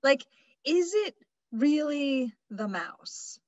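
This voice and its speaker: A woman leading a webinar workshop in a relaxed, chatty way, full of fillers and restarts. Her voice sits a little high, and the sound is close and dry, with no room echo. She talks to the group as if she were talking to friends. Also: moderate pace, muffled recording. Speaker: workshop presenter. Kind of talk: casual webinar presentation.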